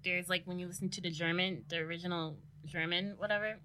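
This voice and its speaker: A woman co-hosting a podcast in casual chat, animated and swearing freely as she acts out quotes. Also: lowish voice, fast talker, slight background noise. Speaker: podcast co-host. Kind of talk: casual chat recapping a TV series.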